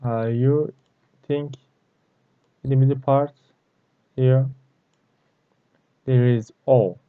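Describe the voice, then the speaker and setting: Slow, halting male language teacher. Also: mid-range voice, steady tone, clear, resonant tone, no echo. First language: Turkish. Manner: slow, halting delivery, repeating each word several times. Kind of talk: explanatory language lesson. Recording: tinny phone-like sound.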